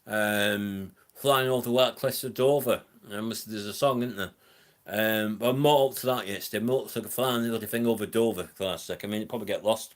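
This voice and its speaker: Man, northern Lancashire accent, live stream host, casual rambling chat, lots of ums, middle pitch. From England. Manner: rambling, chatty, many ums, reads out chat comments.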